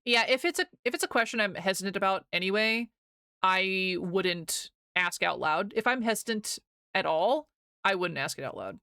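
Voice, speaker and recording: A woman's voice: mid-range voice, animated, normal speed, pushed and bright, smooth, dry recording, studio quality. A young American woman streaming live, chatting casually with her viewers, rambling and laughing often as she reads chat aloud.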